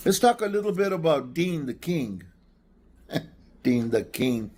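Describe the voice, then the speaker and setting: An older man speaks in a casual ranting monologue, defensive and stammering through restarts. His voice sits a little higher than most men's. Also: big pitch swings, a little slow, darkish tone. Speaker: guest in a played clip.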